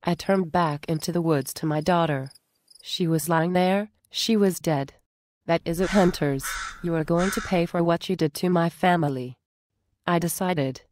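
A woman reading a story aloud in a plain, steady way, close to a dry home mic. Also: lowish voice, normal speed, no room sound.

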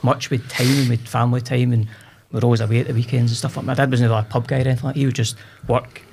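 A man's voice: mid-range voice, level tone, rapid-fire, vocal fry, noisy background. A Scottish man in his forties, a podcast guest telling stories about his past in a chatty, self-deprecating way. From Scotland. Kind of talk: casual podcast chat.

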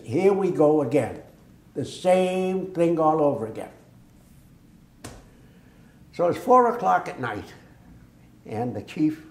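In a mid-range voice, an older Massachusetts man tells war stories as a veteran interviewee for an oral history. He's a lively storyteller who acts out the quoted dialogue, and the room sounds echoey.

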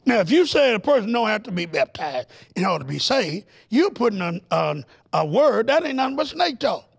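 A middle-aged male preacher giving a television Bible lesson, emphatic and full of rhetorical questions to his listeners, climbing to excited, near-shouted peaks. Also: sits high, brisk, vocal fry, husky.

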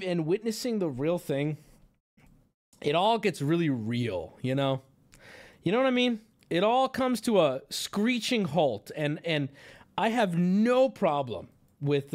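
A male streamer in his thirties talks off the cuff, his voice swinging between low mumbling and loud, panicked shouting. His pitch sits a little high and moves around a lot. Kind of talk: casual live-stream commentary.

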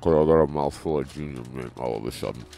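A man's voice: extremely low pitch, quick pace, vocal fry, warm tone, soft background music. A young man co-hosting a podcast, rambling and joking in a profane, casual way. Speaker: podcast co-host. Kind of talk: casual crude banter.

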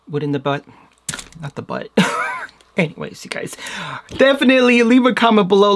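A man's voice: high voice, gravelly, fairly bright tone. A man reviewing beauty products in a casual, chatty vlog at home, joking at himself and laughing often. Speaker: beauty vlogger. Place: home with a mirror under a skylight.

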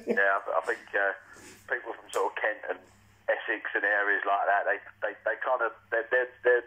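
A man's voice: lowish voice, steady tone, brisk, bright, forceful tone, husky, low-quality recording. A man with a London accent, a guest in a casual interview chatting about his upbringing, repeating words as he goes. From England, near London. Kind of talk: casual chat.

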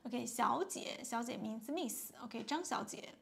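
A woman with a Chinese accent teaching a beginner lesson, patiently repeating words and filling pauses with "yeah" and "okay". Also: a little high, animated, gravelly, fairly bright tone. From China.

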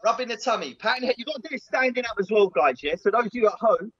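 A man's voice: extremely high pitch, animated, rapid-fire, lo-fi sound, over a noisy crowd. A man playing a big, earnest, clueless self-styled diet guru in a comedy sketch, instructor patter full of "yeah?" and "right?". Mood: instructive.

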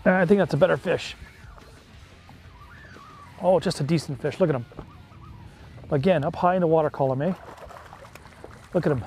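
A man chatting excitedly and folksily while fishing from a small boat on a lake. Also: on the high side, moderate pace, pauses often, soft background music. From Canada. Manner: excitable, folksy, peppers talk with "eh". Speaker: fishing vlogger. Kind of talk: casual on-the-water chat.

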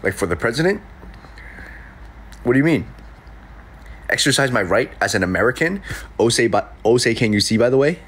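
A man's voice: medium pitch, expressive, a little fast, pauses often, a bit bright, husky. Sniffly, playful young man streaming live. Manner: playful, jokey, reacting to comments. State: sniffly with a cold. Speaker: livestreamer reading chat. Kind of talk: casual livestream chat. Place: his room in an apartment. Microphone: desk mic.

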